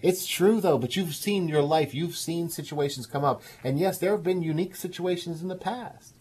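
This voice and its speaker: A man's voice: on the high side, normal speed, a little mellow, a little hiss or hum. A man hosting a call-in advice show, coaching a caller with enthusiastic encouragement. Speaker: radio show host.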